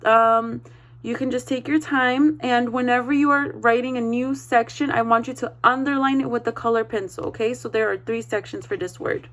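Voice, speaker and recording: A woman teaching a read-aloud vocabulary lesson, spelling words out slowly and encouraging the class. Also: fairly high pitch, steady tone, fairly bright tone. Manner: slow, spells words letter by letter; encouraging, checks in with "okay?".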